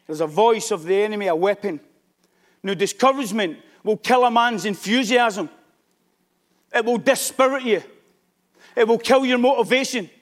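A man with a strikingly high voice delivers a sermon. He preaches with emphasis and often pushes up into shouted exhortation. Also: normal speed, long pauses.

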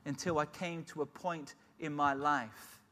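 A man's voice: fairly high pitch, fairly even intonation, unhurried, sharp tone. A middle-aged man giving an emotional personal testimony as a sermon, telling his story earnestly. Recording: long hall reverb.

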